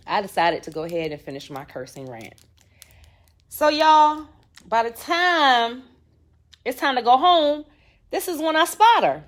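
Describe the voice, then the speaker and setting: Brief: a woman host with a slightly high voice spinning a funny, cuss-filled story for her listeners. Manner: animated, profane, addresses listeners as y'all. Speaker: podcast host. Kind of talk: comic personal storytelling.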